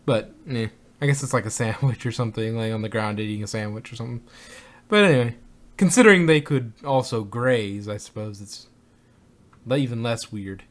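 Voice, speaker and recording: A man's voice: medium pitch, brisk. Male host, casual review chat, rambling delivery with frequent chuckles, mid-range voice. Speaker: podcast host.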